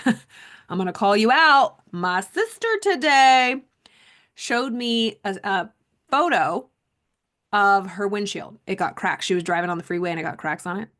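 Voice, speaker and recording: Woman coach, reads passages then riffs casually with emphatic repeats; middle-pitched voice. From Southern California. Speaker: mindset coach. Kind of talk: reading aloud and reflecting on a self-help book.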